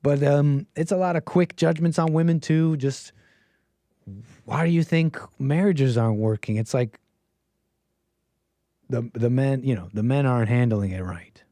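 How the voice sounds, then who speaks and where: A man's voice: mid-range voice, measured pace, pauses often, mellow, no echo. A man hosting a call-in livestream, talking to his chat in a meandering, casual way, full of fillers and trailing thoughts. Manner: meandering, full of fillers and restarts, laughs often. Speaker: livestream call-in show host. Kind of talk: casual rambling monologue to chat.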